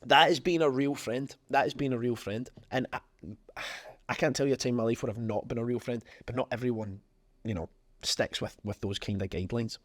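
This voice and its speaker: A man's voice: mid-range voice, steady tone, brisk, no room sound. Frank man, dry close sound. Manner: emphatic, frank, conversational. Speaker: podcast host. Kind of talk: motivational business talk.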